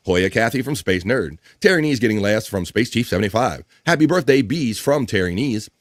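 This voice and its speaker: A man's voice: fairly low pitch, expressive, fairly quick, dry recording, studio quality. A man hosting a live stream, chatting casually and reading viewer comments aloud.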